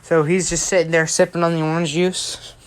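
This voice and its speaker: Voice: mid-range voice, level tone, fairly quick, slight background noise. Rambling young storyteller. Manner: rambling, self-correcting, fillers like "right?". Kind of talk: casual retelling of a fan story.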